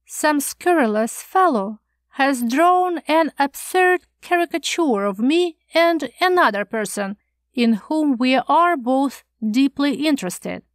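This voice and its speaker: A prim, nervous old schoolmaster, as a woman reader voices him frets and lectures in a scandalized, pleading tone. The voice sits high and strained, with slow, drawn-out pacing. It is recorded dry and close for an audiobook. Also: no echo. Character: fussy, anxious, prim older male schoolmaster.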